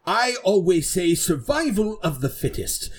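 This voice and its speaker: A boastful, haughty knight voiced by a man in a tabletop game. He talks formally and lifts his voice a little above its usual pitch, with a lively, swinging range. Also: measured pace, slight background noise. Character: boastful pompous male knight.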